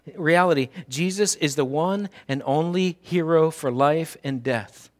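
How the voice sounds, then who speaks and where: A male pastor preaching a sermon in an animated, humorous way, putting direct questions to his listeners. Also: on the high side, measured pace.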